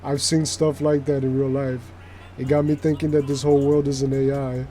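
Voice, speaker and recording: A man's voice: mid-range voice, moderate pace. A man giving chatty, casual commentary while streaming a game, with lots of filler words. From New York City. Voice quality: chatty and animated, heavy use of filler words.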